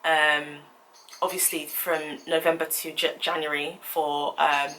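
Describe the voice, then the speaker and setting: A young woman telling a story in a vlog, animated and indignant as she recounts it. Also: low-pitched, a little slow, slight background noise, low-quality recording. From United Kingdom. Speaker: vlogger.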